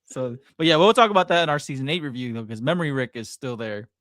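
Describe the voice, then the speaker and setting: A man's voice: mid-range voice, lively intonation, fast, fairly bright tone, no echo, clean studio sound. A man co-hosting a casual podcast review, talking loosely with lots of "like" and frequent laughter. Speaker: podcast co-host.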